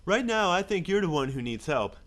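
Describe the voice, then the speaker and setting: Man reading script lines casually, slightly high, animated delivery. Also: a little fast. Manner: reads lines plainly, chatty asides. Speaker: script reader. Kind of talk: casual script read-through.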